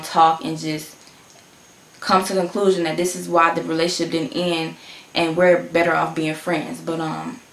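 Low gravelly woman in an echoey room. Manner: emotional, heartfelt, repeats herself. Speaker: reaction video host. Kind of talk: casual reaction commentary.

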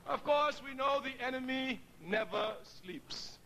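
Middle-aged male orator, very high and bright voice, storytelling delivery with laughter and quoted voices. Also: unhurried, rough recording. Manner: storytelling, laughs often, acts out quoted dialogue. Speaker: speaker addressing an audience. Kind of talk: public speech.

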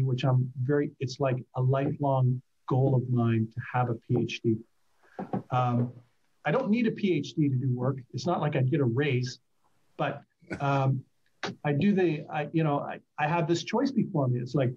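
Animated storytelling man, mellow voice. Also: mid-range voice, dull audio. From Canada. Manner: animated, acts out quoted voices. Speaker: guest. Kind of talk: casual interview storytelling.

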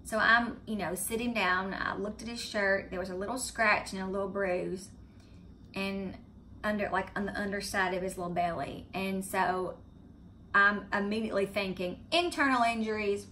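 Southern woman, middle-aged, bright tone, animated storytelling, faint hiss behind. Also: medium pitch, moderate pace. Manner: chatty, animated retelling of a scary event. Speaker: vlogger. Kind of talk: casual storytelling to camera. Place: home, indoors.

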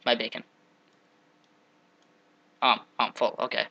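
Bright-voiced young man narrating his game. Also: mid-range voice, flat delivery, moderate pace, long pauses, rough recording. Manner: jokey, trash-talks monsters, sudden loud outbursts. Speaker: gameplay commentator. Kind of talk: casual gameplay commentary.

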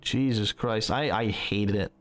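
A man's voice: fairly low pitch, measured pace. A young man casually telling a story while gaming, rambling and swearing a lot. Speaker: gaming streamer. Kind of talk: casual gameplay commentary.

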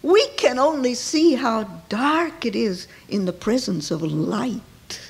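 A woman preaches an emotional sermon in church, her voice high and dramatically lively. She takes her time, falling to near-whispers and then lifting into ringing cries. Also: takes it slowly, breathy edge.

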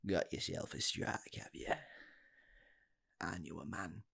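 A man voicing a weary old man who solemnly warns a young bowler, in whispered role-play. He talks slowly and sounds world-weary as he lectures. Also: sits low, gravelly, a bit bright, breathy edge, pitched below the performer's own voice, heavily acted.

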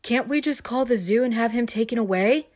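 A bored, reluctant young boy, as a woman reading aloud puts him on. He grumbles in a flat, unimpressed way, close to the reader's own voice. It is a gentle storybook reading. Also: fairly high pitch, fairly quick, close to an everyday voice. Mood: worried.

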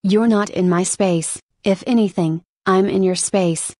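A guilt-ridden man pleading for forgiveness, earnest and self-blaming, read by a woman. His voice is middle-pitched, close and dry. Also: steady tone, measured pace, mellow, dry recording, natural voice. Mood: apologetic.

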